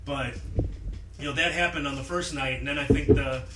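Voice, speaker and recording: A man telling a story in casual chat, animated and acting out quotes in loud voices. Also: medium pitch, moderate pace. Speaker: podcast guest. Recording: roomy, distant mic with clear noise.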